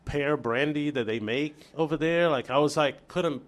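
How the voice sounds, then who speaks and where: A man from Brazil, a chef guest on an interview show, telling a story in casual chat with lively restarts and acted-out dialogue. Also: fairly high pitch, normal speed. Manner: animated storyteller, acts out quoted dialogue, many restarts.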